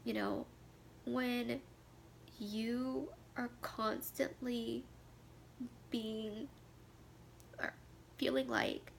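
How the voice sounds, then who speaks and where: A woman vlogger in her thirties speaks candidly to camera in a personal talk, emotional, heartfelt and tearful, her voice sometimes sinking to a near whisper. Her voice is medium-pitched and gravelly. There's a little hiss or hum.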